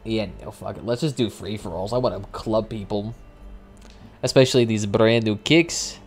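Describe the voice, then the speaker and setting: A young man streaming a vehicle combat game, chatting casually with swearing and sudden excited outbursts as he plays. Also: lowish voice, moderate pace, faint music behind. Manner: casual, profane, excitable reactions. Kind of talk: live gameplay commentary.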